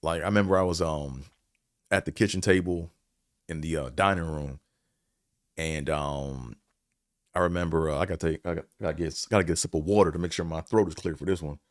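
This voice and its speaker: Low-voiced man telling a rambling story. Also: brisk, no room sound, studio quality. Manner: rambling, many fillers, casual swearing. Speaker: podcast host. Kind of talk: casual storytelling and reflection.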